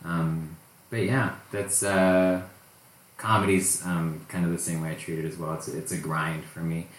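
A man's voice: sits low, level tone, measured pace. A man hosting a comedy podcast, chatting casually in a laid-back way and laughing often. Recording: echoey room with faint ambience.

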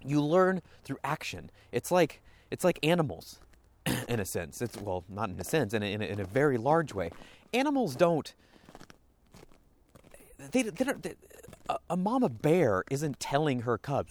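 Male podcast host, solo monologue, animated pitch, rambling self-corrections. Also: normal speed. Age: adult parent. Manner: rambling, self-interrupting, acts out quoted voices.

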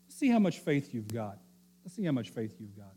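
A man voicing the devil as a sly, taunting male tempter who repeats his dares slowly in a sermon. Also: mid-range voice, big pitch swings, warm tone, slightly rough. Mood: goading. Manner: slow mocking challenge, repeated dares.

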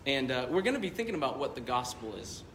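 A man's voice: medium pitch, very animated, quick pace, fairly bright tone, echoey room, a little hiss or hum. A male pastor preaching a sermon, telling a story in a loose, conversational way with many fillers.

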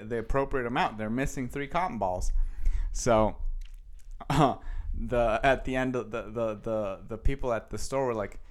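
A man hosting a casual solo podcast, rambling and correcting himself as he reads headlines aloud and riffs on them. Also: mid-range voice. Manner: rambling, self-correcting, chuckles between thoughts. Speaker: podcast host.

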